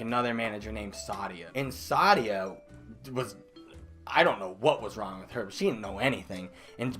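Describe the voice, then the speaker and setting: Young man telling a comic story. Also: mid-range voice. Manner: animated, bursts into loud exaggerated outbursts and laughs. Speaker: vlogger telling a work story. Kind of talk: comedic storytime monologue. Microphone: desk microphone.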